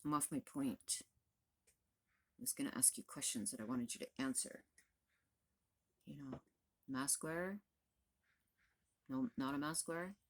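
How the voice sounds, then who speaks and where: A woman's voice: very deep voice, measured pace, long pauses. A woman in her fifties, a vlogger, venting to the camera in a blunt, profane, exasperated rant. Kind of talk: angry direct-to-camera rant.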